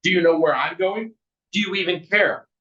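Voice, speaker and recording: A man's voice: sits high, moderate pace, pushed and bright, roomy sound, voice pushed up. A man voicing his wife with dementia as a confused, agitated, accusing woman. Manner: accusing, snarky. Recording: distant, muffled recording.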